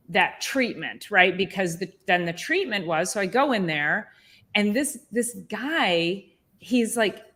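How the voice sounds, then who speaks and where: Indignant woman chiropractor telling a story. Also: medium pitch. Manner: animated, indignant storytelling with many restarts. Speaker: chiropractor and podcast host. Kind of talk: casual podcast chat.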